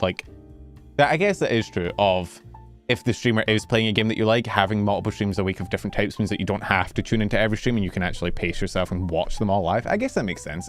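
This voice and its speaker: Rambling man streamer chatting to viewers. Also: on the low side. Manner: rambling, self-interrupting, animated. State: slightly out of breath. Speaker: VTuber streamer. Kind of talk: casual chat with stream viewers. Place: warm bedroom.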